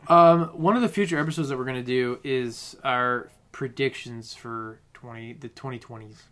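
A man's voice: mid-range voice, moderate pace, a bit bright. A man hosting a podcast, chatting casually in a laid-back, rambling way. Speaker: podcast host. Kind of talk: casual chat.

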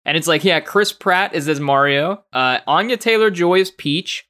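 A young man co-hosting a casual gaming podcast, animated and laughing often, with lots of fillers and restarts. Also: a little high, normal speed. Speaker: podcast co-host.

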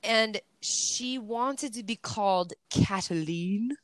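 A woman in her forties from Southern California, telling stories in a casual, animated chat and cursing freely. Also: medium pitch, slow, no room sound. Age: 40s. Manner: chatty, animated storyteller who curses freely.

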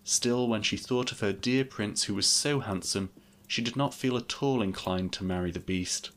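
A man narrating a classic fairy tale in a steady, measured storybook reading. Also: lowish voice, slight background noise.

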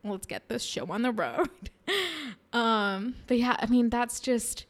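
A young Indian woman speaks frankly in a candid personal monologue, her voice a little high and her pace measured. She laughs often and sounds a bit self-conscious.

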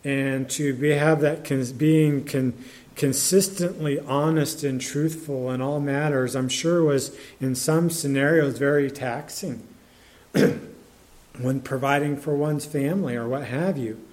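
A man preaching a sermon in a conversational, halting way, with many restarts and fillers, and reading scripture aloud in older English. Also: mid-range voice, steady tone, darkish tone.

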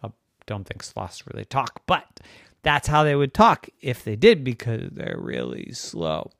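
A man improvising a bedtime story, playful and animated, his pitch rising and falling a lot. He takes his time with the words, and the sound is close and dry. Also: vocal fry, dry recording. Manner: playful, animated, drawn-out phrasing.

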